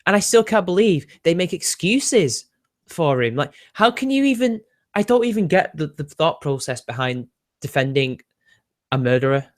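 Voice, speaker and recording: A man's voice: on the high side, sing-song, normal speed. Laid-back British man chatting with viewers. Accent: British English. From Britain. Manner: chatty, sardonic, laughs often, answers viewer questions. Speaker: livestream host reading chat. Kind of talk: casual livestream chat.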